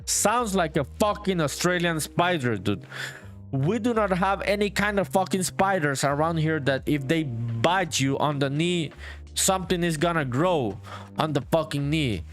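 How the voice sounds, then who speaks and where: A man's voice: fairly high pitch, expressive, unhurried, soft background music. A young man streaming his own game development, chatting casually with viewers, swearing freely and calling everyone "dude". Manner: profane, laid-back, reads chat aloud while working. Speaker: solo indie game developer streaming live. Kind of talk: casual live-stream chat.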